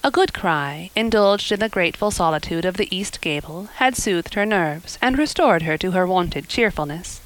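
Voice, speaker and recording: A woman narrating a classic storybook in a measured, expressive reading. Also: on the low side, poor audio. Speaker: audiobook reader. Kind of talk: scripted narration.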